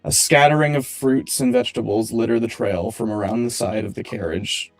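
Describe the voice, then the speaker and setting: A man's voice: medium pitch, steady tone, brisk, soft background music. Male game master narrating a scene. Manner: laughs easily, reads descriptions aloud.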